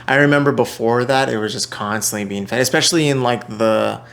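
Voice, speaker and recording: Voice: mid-range voice, brisk, vocal fry. A podcast host chatting casually, telling stories with lots of laughter and acted-out quotes. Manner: animated storyteller, laughs often, acts out quotes. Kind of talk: casual interview chat.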